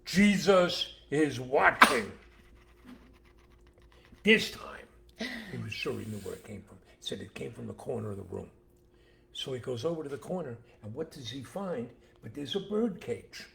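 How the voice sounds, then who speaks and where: Animated older man telling jokes. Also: medium pitch, a little fast, gravelly, a little hiss or hum. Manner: animated storyteller acting out voices. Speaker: co-host, father. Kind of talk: casual joke-telling chat.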